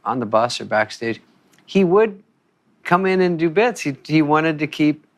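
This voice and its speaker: A man's voice: fairly high pitch, animated, unhurried. Casual male comic reminiscing. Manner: loose, profane, upbeat. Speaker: comedian guest. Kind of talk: casual chat.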